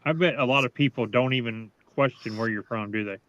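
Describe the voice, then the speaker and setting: A man's voice: mid-range voice, brisk, a bit bright, highs cut off. A man chatting casually and cracking blunt jokes. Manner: blunt, joking. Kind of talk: casual chat.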